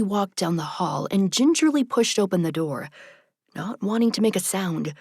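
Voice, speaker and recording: Breathy woman reading an audiobook. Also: medium pitch, animated, moderate pace, a little mellow, dry recording, clean studio sound. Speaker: audiobook narrator. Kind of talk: scripted audiobook narration.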